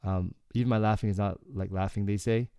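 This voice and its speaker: Low-voiced man explaining Korean casually. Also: a little fast, clean tone, dry recording, clean studio sound. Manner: relaxed, explanatory, frequent "okay" and "like". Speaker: Korean language teacher. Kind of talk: casual lyrics breakdown lesson.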